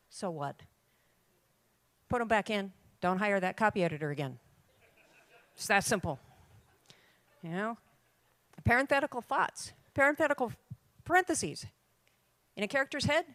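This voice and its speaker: An older woman giving an emphatic, lively talk to a room of writers, with dramatic pauses. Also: medium pitch, no echo. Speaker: conference speaker. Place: conference room.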